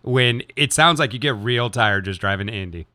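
A man's voice: medium pitch, normal speed, bright, forceful tone, no echo, studio quality. A man co-hosting a podcast, laid-back and laughing often in casual banter. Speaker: podcast co-host.

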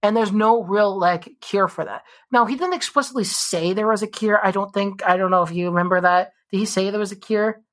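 A woman's voice: mid-range voice, a little fast, hardly any pauses. A woman co-hosting a podcast in casual chat, rambling with many fillers. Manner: rambling, heavy use of "like" fillers. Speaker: podcast co-host.

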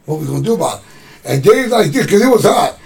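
A man's voice: high voice, fast, creaky. A man casually telling a street story from his youth, swearing freely and acting out what others said. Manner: profane, animated street storyteller acting out quotes.

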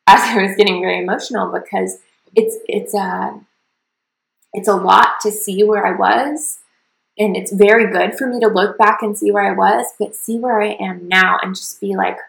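A woman's voice: mid-range voice, vocal fry, fairly bright tone, echoey room, poor audio. A woman hosting her own podcast, telling her personal story in an earnest, confessional way. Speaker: podcast host.

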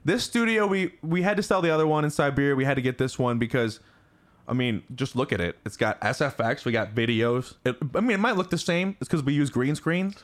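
A man co-hosting a comedy podcast, excitable and jokey, swearing freely in casual banter. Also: medium pitch, a little fast. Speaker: podcast co-host.

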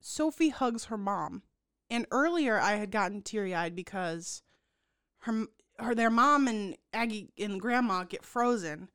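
A woman co-hosting a casual movie recap, emotional and quick to tear up, talking in an animated way. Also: medium pitch, clear, resonant tone. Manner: emotional, self-described crier, animated. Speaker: podcast co-host.

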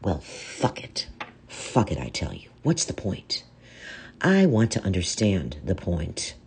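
A woman voicing a grieving, enraged man who speaks grimly and yells in anguish, in a spoken story. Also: deep voice, takes it slowly, a little hiss or hum, exaggerated voice. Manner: steady and grim, then yelling. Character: grieving, enraged middle-aged man with a knife.

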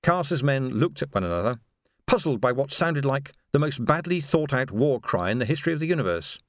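A man tells a story for an audiobook in a composed, measured voice pitched in the mid range. The sound is dry and clean, like a studio recording.

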